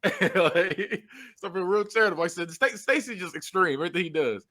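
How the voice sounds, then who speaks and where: A man's voice: high-pitched, brisk. A man co-hosting a podcast, retelling a movie scene in casual chat, acting out the characters' lines and laughing often. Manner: animated storytelling, acts out quotes, laughs often. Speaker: podcast co-host.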